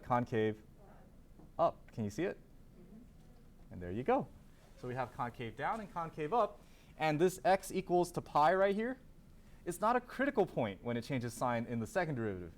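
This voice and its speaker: Lively man teaching a math class. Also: medium pitch. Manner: asks the class questions and answers them himself; repeats key terms with emphasis. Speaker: calculus teacher. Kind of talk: classroom lecture.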